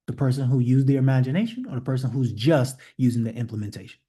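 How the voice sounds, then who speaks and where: A man's voice: mid-range voice, quick pace, mellow. A man coaching a group on an online call, blunt and emphatic, repeating rhetorical questions and giving direct commands. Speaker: coach leading a leadership call. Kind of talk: motivational teaching to a group.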